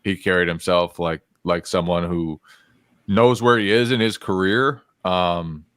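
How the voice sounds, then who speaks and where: Low-voiced guy talking hoops on a podcast, calm and thoughtful, dry close mic. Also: dry recording. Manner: measured, thoughtful analysis. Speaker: podcast co-host and beat reporter. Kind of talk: casual sports podcast chat.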